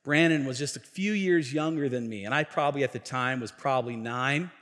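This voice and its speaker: A middle-aged male pastor telling a story in a sermon, chatty and animated, with restarts and asides. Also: medium pitch, fairly quick. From Tacoma, Washington. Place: church sanctuary. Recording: echoey church hall.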